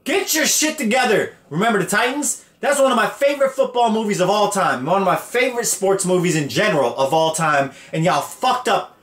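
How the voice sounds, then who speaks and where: A man's voice: high voice, fairly bright tone, roomy sound. A man hosting a podcast, crudely and animatedly retelling a story and acting out the characters' lines. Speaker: podcast host. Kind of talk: profane comedic retelling.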